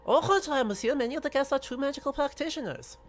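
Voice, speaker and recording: A man reading a polite French investigator's lines in a deliberately bad fake French accent. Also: extremely high pitch, lively intonation, faint music behind, pitched above the performer's own voice. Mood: courteous. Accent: exaggerated fake French. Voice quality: deliberately hammy.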